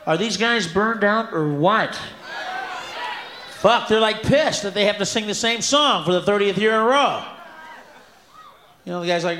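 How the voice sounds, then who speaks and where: A man performing a stand-up comedy set on a live stage, loud and profane, often breaking into shouts. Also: sits high, normal speed, pauses often. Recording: echoey live venue with room noise.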